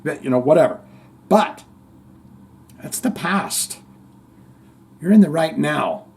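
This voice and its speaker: Lively, animated male podcast host. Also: a little high, slow pace, gravelly, husky. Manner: rambling, animated, joking and swearing. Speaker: podcast host reading viewer comments. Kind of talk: casual livestream chat.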